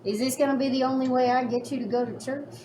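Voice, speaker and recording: A woman's voice: sits high, steady tone, fast talker. A woman playing a tabletop game in character, making dry teasing quips. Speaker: tabletop player. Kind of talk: in-character role-play. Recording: noisy background.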